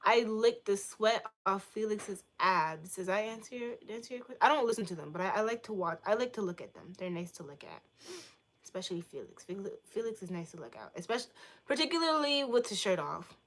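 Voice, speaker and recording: A woman's voice: medium pitch, expressive, fairly quick, slight background noise. Playful joking young woman streamer. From Boston, United States. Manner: playful, joking, crude and teasing. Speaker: livestreamer answering chat. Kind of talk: casual livestream chat.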